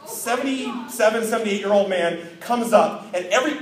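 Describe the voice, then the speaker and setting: A man preaching a sermon as pastor, telling a lively story and then closing in a quieter, earnest tone. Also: high voice, normal speed. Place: church sanctuary. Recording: roomy distant church recording.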